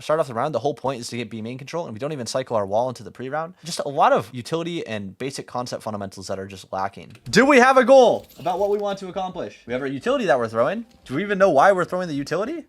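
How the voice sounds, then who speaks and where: Fast, animated young man coaching gameplay. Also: mid-range voice. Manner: blunt, profane, teasing critique. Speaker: game coach. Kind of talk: live-streamed gameplay coaching commentary.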